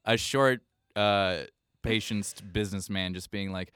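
A man's voice: fairly low pitch, fairly even intonation, unhurried, a bit bright, clean tone, no room sound, studio quality. A young man talking as a podcast guest in a rambling, jokey way. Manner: rambling, jokey, slips into mock voices. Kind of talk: casual chat.

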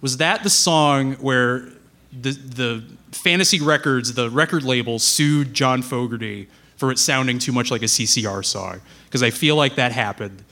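A man's voice: mid-range voice, normal speed, bright, forceful tone. Rambling man chatting onstage. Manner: rambling, self-interrupting, playful. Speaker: writer and guest performer. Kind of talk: casual stage banter. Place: live venue with audience.

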